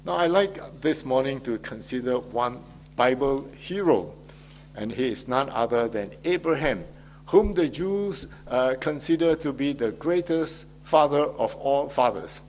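Guy pastor giving a sermon, mid pitch, lots of uh pauses, faint hum behind. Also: lively intonation, a little mellow. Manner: measured delivery with frequent hesitations.

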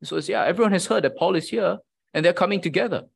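A man's voice: high voice, fast talker, creaky, breathy edge. A man preaching a sermon in a conversational teaching manner, often checking in with his listeners. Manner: conversational teaching with frequent "right?" asides.

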